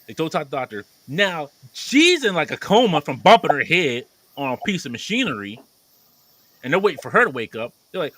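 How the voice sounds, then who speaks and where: A man's voice: on the high side, very animated, moderate pace, pushed and bright. A man casually retelling a movie plot as a podcast co-host, acting out the characters' lines as he goes.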